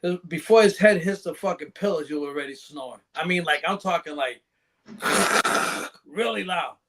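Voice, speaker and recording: A man's voice: on the high side, normal speed, a bit bright, a little hiss or hum. A man on a podcast as a guest, telling rambling, profane anecdotes in casual chat and laughing along.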